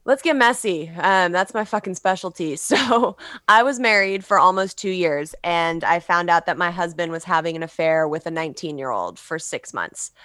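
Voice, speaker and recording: Woman from LA guesting on a podcast, kinda low voice, dry close sound, chatty and swears a lot. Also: expressive, moderate pace, a bit bright, clean tone, no echo. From Los Angeles, USA. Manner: candid, chatty, swears, laughs often. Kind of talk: casual podcast interview.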